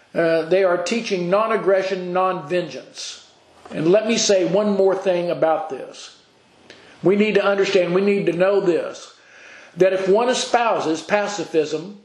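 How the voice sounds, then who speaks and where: Male preacher, higher-pitched voice, earnest and halting with frequent restarts; sermon recorded in an echoey church hall. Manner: earnest, halting with repeated restarts, reads scripture aloud. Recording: echoey room.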